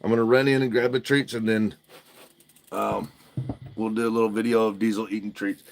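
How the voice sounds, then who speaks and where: A man's voice: on the low side, level tone, brisk, creaky, a little hiss or hum. A man hosting a casual livestream outdoors at home at night, joking and swearing loosely into a propped-up phone. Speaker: livestream host.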